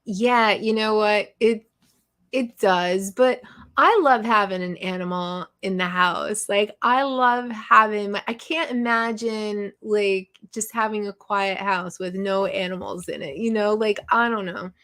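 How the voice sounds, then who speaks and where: A woman's voice: mid-range voice, measured pace, fairly bright tone. A woman hosting a live stream, chatting casually and rambling with frequent laughs. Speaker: live show host.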